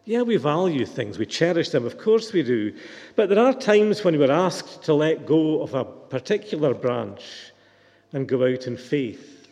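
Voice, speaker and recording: A preacher delivers a reflective, questioning sermon in a fairly high, mellow voice. A long church reverb hangs on his words. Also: big pitch swings, unhurried.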